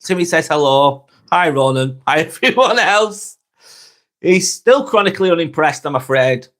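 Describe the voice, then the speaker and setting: A man's voice: fairly high pitch, lively intonation, normal speed, fairly bright tone. A man with a Lancashire accent hosting a casual live stream, chatting with viewers, thanking them by name and calling people "mate". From Northwest England. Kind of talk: casual live-stream chat reading comments.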